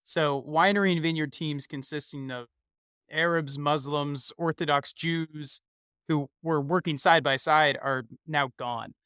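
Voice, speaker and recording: A man's voice: on the high side, fairly even intonation, unhurried, pushed and bright, clear, resonant tone, dry recording, studio quality. A young man co-hosting a podcast, affable and easygoing. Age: young adult. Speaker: podcast co-host. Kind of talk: casual news podcast chat.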